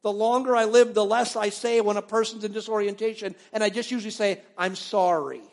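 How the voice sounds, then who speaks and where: A man preaching a sermon as a pastor, telling stories with animated swings between loud and hushed. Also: sits high, long reverb tail. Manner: animated storytelling, acting out biblical voices, dropping to near-whispers.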